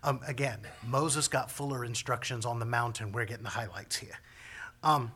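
A man's voice: mid-range voice, normal speed, pushed and bright, husky. A man preaching a sermon as pastor, talking in a folksy, conversational way with homespun phrases.

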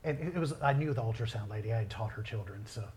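A middle-aged male pastor preaching a sermon, telling family stories in a lively way. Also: on the low side, fast, a little hiss or hum. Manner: storytelling, animated, quoting others in his own voice.

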